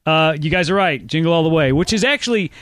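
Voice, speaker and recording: A man's voice: fairly high pitch, expressive, fast talker, a bit bright. A man hosting a casual movie-quote quiz among friends, crude and joking. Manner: crude, joking, reads quiz lines aloud. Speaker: quiz host. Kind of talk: casual podcast banter.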